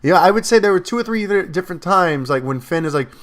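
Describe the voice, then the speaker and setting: Man, film reviewer, casual talk, slightly high pitch, animated, frequent fillers and restarts. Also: fast talker. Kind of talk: casual spoken movie review.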